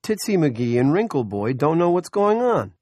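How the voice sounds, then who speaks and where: A man voicing a blunt, impatient male lawman in an audiobook, loud and gruff as he barks commands. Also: fairly high pitch, very animated, moderate pace, no room sound, clean studio sound, pitched above the performer's own voice. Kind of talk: audiobook character voice.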